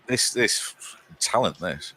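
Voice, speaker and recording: A man's voice: lowish voice, expressive, slow pace, sharp tone, breathy edge. A man co-hosting a live game stream, chatting casually with a teasing, rambling manner and mock outrage. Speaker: co-host.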